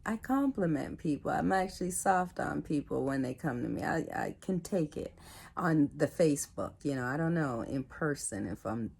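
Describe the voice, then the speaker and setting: A woman's voice: low voice, lively intonation, moderate pace, creaky, a little mellow, slightly rough. A woman talking casually and reflectively to her viewers, laughing often and acting out what other people said to her. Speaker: video host.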